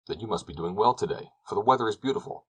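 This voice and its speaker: A man voicing a sly, glib wandering peddler with a foreign manner in a storybook reading, speaking with smooth, persuasive patter. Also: on the low side, lively intonation, fast, voice pushed up.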